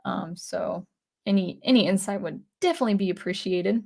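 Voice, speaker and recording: A woman's voice: medium pitch, brisk, creaky, mellow. A young adult woman hosting a casual livestream, reading chat comments aloud in a chatty, hesitant way with many fillers and restarts. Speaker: livestream host.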